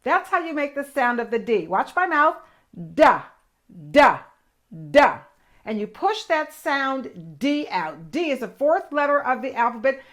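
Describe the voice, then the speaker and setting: An older woman with a high voice teaches young children their letters. She is enthusiastic and exaggerated, and she slows down to sound out each letter carefully. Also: expressive, fairly bright tone. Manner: enthusiastic, exaggerated, slow demonstrative. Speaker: children's show host and teacher. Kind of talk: children's lesson.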